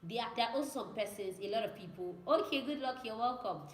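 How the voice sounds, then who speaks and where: Speaking quickly in a slightly high voice, a young student pilot answers viewer questions in a relaxed chat, often repeating herself and mimicking radio calls. There's slight background noise, and the echoey room carries a faint ambience.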